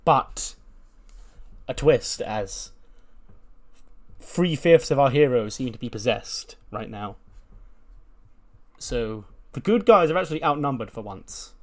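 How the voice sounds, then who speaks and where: A man's voice: mid-range voice, animated, slow, pauses often. Chatty man recapping a wrestling sim. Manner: chatty, recapping with laughs and fillers. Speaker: gaming YouTuber. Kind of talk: casual commentary on a wrestling sim.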